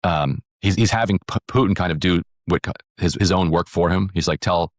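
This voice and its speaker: A man's voice: low voice, fairly quick, no echo. A man co-hosting a political podcast, retelling news events in a casual way with lots of ums and quoted dialogue. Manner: retelling events with acted quotes, many fillers. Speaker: podcast co-host.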